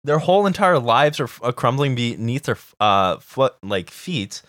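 A man's voice: medium pitch, big pitch swings, moderate pace, fairly bright tone, no echo, clean studio sound. A young man from Canada, co-hosting a podcast in casual chat, ranting profanely and with energy. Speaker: podcast co-host.

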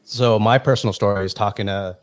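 An American man on a podcast, talking in a measured, hesitant way with many pauses. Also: fairly low pitch, steady tone. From United States. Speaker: podcast guest. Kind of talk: casual chat.

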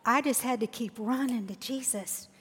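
A woman's voice: on the high side, normal speed, a bit bright, breathy edge. A woman, sharing a heartfelt faith testimony as a guest. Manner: earnest, heartfelt storytelling. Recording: long hall reverb.

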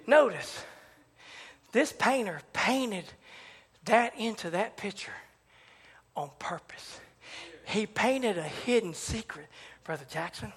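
Man preaching, very high bright voice, chanting and shouting, congregation faintly behind. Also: lively intonation, takes it slowly, pauses often, breathy edge, long reverb tail. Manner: rising to shouted, chanted preaching with repeated phrases. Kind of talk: sermon. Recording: live church service with congregation.

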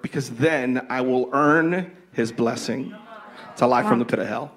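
A man's voice: medium pitch, moderate pace, fairly bright tone. A man with an ordinary mid-range voice talks earnestly about faith. He leans into his points with the rising emphasis of a preacher. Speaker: guest, husband. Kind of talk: faith-based conversation.

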